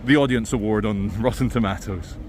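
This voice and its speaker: Walking outdoors through a city, a man vlogs in a sardonic, ranting commentary. His voice is fairly low and a little mellow, a bit fast, with a slight hiss or hum in the audio.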